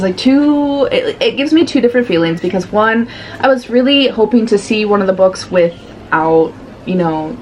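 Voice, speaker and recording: A woman chatting casually in a reading vlog, giving animated, sassy commentary on a book and laughing often. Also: mid-range voice, a little hiss or hum. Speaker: book vlogger.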